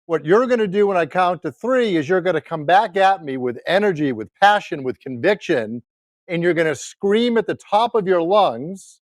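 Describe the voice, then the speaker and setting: A man in his fifties giving a high-energy motivational sales keynote, rallying the audience with questions. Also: lively intonation, moderate pace, dry recording.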